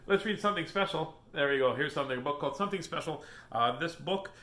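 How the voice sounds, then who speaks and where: A man's voice: on the high side, bright, forceful tone. A man hosting a live children's book reading stream, chatting in a silly, playful, joking way. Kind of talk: casual live-stream chat. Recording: echoey room.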